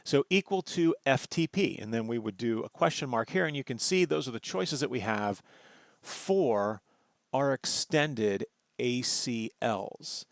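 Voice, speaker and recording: A man's voice: medium pitch, lively intonation, unhurried, vocal fry, no room sound, studio quality. A male networking instructor explaining configuration steps in a conversational tutorial walkthrough, often checking in with his students. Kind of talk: screen-recorded tutorial walkthrough.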